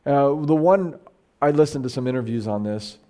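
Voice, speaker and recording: At a moderate pace, a middle-aged pastor with a medium-pitched, mellow voice gives an animated Bible study. His casual, conversational sermon is marked by frequent restarts and voices he acts out when quoting.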